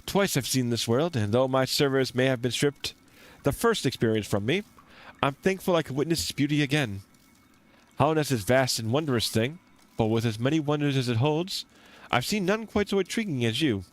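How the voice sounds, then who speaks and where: A man doing a gentle, wistful wandering explorer. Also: mid-range voice, expressive, moderate pace, voice pushed up, close to an everyday voice. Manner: soft, reflective reading with slips.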